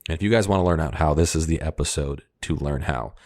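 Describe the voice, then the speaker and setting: A man hosting a podcast, introducing his guest with energetic, hype-building enthusiasm. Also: very deep voice, fast. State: out of breath. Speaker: podcast host. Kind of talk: podcast interview.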